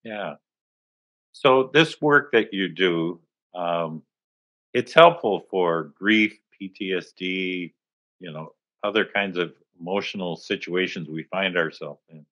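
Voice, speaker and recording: A man hosting an interview, asking questions in a soft-spoken, relaxed way. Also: sits low, slow. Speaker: podcast host. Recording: dull lo-fi audio.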